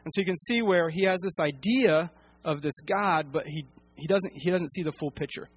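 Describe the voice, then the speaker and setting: A man leading a casual Bible teaching. He talks in a halting way, with many fillers and restarts. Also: a little high, breathy edge, no room sound.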